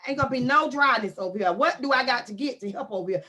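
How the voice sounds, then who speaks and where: A woman, ranting loudly and comically in casual talk, often shouting. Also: sits high, quick pace. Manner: loud animated ranting with frequent shouting. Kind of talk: casual comic rant to camera.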